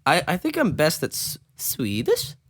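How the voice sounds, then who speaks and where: A man's voice: a little high, wildly swooping pitch, measured pace, fairly bright tone, dry recording, studio quality. A man co-hosting an improvised comedy chat, putting on an old-timey commoner accent that keeps drifting. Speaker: podcast co-host.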